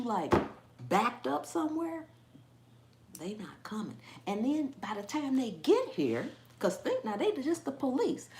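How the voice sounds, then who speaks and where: A woman's voice: fairly high pitch, echoey room. A woman hosting a gardening channel's livestream, chatting casually and greeting viewers by name as their comments come in. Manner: animated, chatty, reads out and greets live chat.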